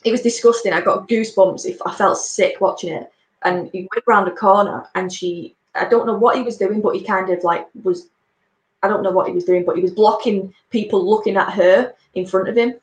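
A woman talks in casual conversation, rambling through a story full of fillers. Her voice sits at a middle pitch and echoes around the room. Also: fairly even intonation, a little fast. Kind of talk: casual chat.

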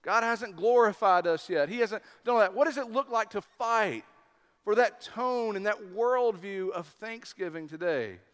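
A man preaching a sermon as pastor, deliberate and emphatic, pausing on key words. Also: sits high, animated, a bit bright, clear, resonant tone. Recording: long hall reverb.

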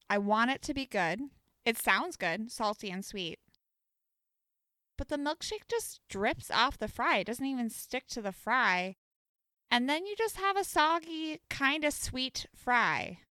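Young woman co-host, bright tense voice, dry close mic, very opinionated. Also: on the high side, smooth, no echo. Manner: opinionated, animated food debating. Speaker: podcast co-host. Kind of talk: casual chat.

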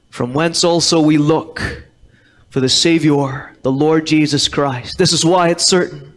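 A man preaching a sermon as pastor, emphatic and repeating key words, quoting scripture in old-fashioned wording. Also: on the high side. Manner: quotes scripture in King James wording. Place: church sanctuary.

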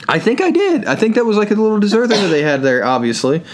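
A man's voice: sits high, wildly swooping pitch, fast. A tired man co-hosting a podcast, joking and rambling as he reads listener comments. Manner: joking, rambling, laughs often. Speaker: podcast co-host. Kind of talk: casual chat reading listener comments.

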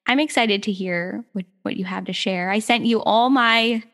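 A woman's voice: medium pitch, normal speed, fairly bright tone. A woman hosting a podcast, enthusiastic and chatty, often restarting her sentences. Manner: enthusiastic, rambling, self-correcting. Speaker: podcast host. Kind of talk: podcast conversation.

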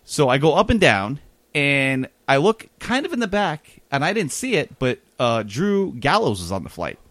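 A man's voice: on the high side, sing-song, a bit bright, no room sound. A man telling a rambling, self-deprecating travel story in a casual podcast chat. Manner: rambling, self-deprecating, quick anecdotal delivery.

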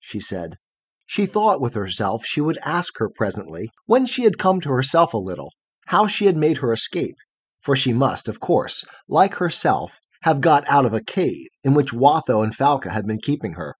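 A man reads a fairy tale aloud, unhurried and expressive, shaping each sentence like a storyteller. His voice is husky, with a lively melodic range that rises and falls through the narration. It sounds like a classic audiobook reading. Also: medium pitch, no echo. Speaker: reader.

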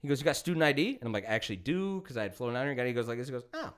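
A man's voice: medium pitch, very fast. Profane storytelling man, casual podcast host. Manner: profane, animated, acts out quotes.

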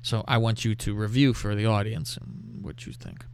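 A man hosting a casual show, telling a crude story in a lively, profane way and reading out text messages. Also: fairly low pitch, normal speed, creaky, a little hiss or hum. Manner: animated, profane, reads out texts with laughter. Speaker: podcast host.

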